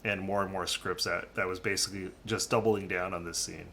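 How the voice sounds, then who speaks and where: A man's voice: low voice, fairly even intonation, fairly quick, pushed and bright, slight background noise. A man co-hosting a casual podcast review, talking in a hedging way and often tagging his points with "right?". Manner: hedging, tags statements with "right?". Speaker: podcast co-host.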